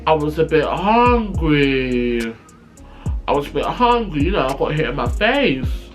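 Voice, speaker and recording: A man telling a storytime vlog, animated, sassy and profane. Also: fairly high pitch, measured pace, faint music behind. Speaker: vlogger.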